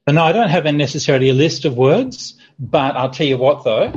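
Male Buddhist monk teacher, casual online Q&A, somewhat husky, muffled call audio. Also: a little high, brisk. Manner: relaxed, chatty, with fillers and light humor. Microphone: video call. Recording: dull lo-fi video call audio.

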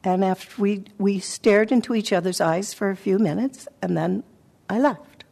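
A woman meditation teacher giving a dharma talk, telling a personal story in a reflective, halting way with soft pauses. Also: mid-range voice, creaky. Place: meditation center hall.

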